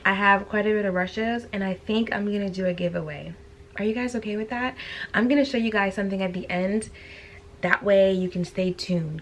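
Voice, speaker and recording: Woman vlogger, casual gushing chatter to viewers, mid pitch, echoey room with faint background hum. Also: a little fast. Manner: chatty, gushing, addresses viewers as you guys. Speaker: lifestyle vlogger. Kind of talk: casual chat to camera. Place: bedroom at home. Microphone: camera on the floor at eye level.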